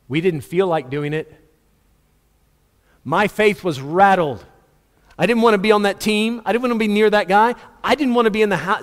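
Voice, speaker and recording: Animated preacher in a reverberant hall. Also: male voice, high-pitched. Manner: animated, acts out dialogue, laughs at own stories. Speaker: pastor. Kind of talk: sermon.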